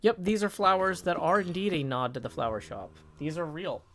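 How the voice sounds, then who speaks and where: Male streamer, high-pitched, chatty, self-mocking, reads chat aloud. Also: lively intonation, fairly quick, fairly bright tone, a little hiss or hum. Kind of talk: live game-stream chat.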